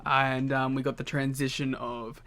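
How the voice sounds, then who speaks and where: A man co-hosting a podcast in casual chat, offering relaxed, wry remarks. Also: medium pitch, normal speed, slight background noise. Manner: relaxed, brief wry interjections. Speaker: podcast co-host.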